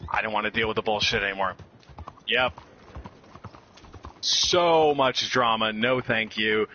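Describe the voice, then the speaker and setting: A man's voice: fairly low pitch, a little slow, long pauses. A man casually telling a story, laughing often and acting out other people's lines. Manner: animated, laughs often, acts out customers' lines. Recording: slightly dull lo-fi audio with faint background noise.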